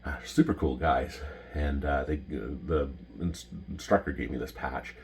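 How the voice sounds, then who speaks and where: A middle-aged man with a Canadian accent talks in a casual, rambling way, full of ums and restarts. His voice sits very low and sounds husky. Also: a little slow. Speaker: retired pilot showing his patches. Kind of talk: casual storytelling to camera.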